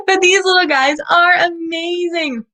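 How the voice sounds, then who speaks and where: A woman hosting a live children's animal show, animated and asking young viewers questions as she presents a lizard. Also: very high voice, takes it slowly.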